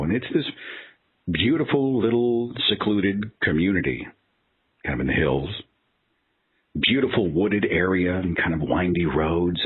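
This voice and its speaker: A male podcast host with a low, slightly husky voice tells anecdotes in a lively, expressive way, full of exasperation and asides. The sound is narrow and phone-like. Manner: animated, exasperated anecdotal storytelling. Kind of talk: casual storytelling monologue.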